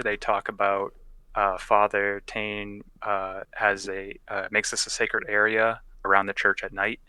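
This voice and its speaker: A man's voice: fairly low pitch, pushed and bright, smooth, no room sound, poor audio. A young man casually narrating as game master of a tabletop game, loose and profane, often laughing.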